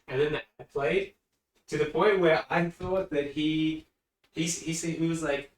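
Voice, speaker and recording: An Englishman chats casually on a live stream in a slightly high, steady voice, speaking a little slowly. He rambles and gets easily distracted, often talking away from his desk mic, so the recording sounds distant with a roomy echo.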